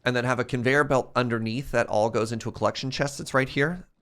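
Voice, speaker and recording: A man's voice: mid-range voice, fairly even intonation, fast, a bit bright, clear, resonant tone. A young adult man thinking aloud in casual commentary while streaming a modded block game. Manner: thinking aloud, rambling and musing.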